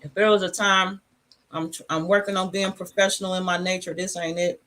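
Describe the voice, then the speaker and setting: A woman hosting a casual livestream from her home, talking in a relaxed, rambling, reflective way. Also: on the low side, fairly quick. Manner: talks with food in her mouth. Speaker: channel host.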